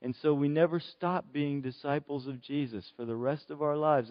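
A man preaching a sermon at a baptism service, speaking earnestly with long pauses. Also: a little high, in a large hall, muffled recording. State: choked up with emotion. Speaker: pastor.

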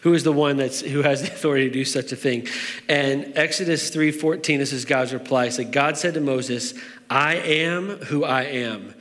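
A man's voice: medium pitch, normal speed, a bit bright. Conversational man preaching in a hall. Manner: conversational, with fillers and restarts. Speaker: pastor. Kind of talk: sermon.

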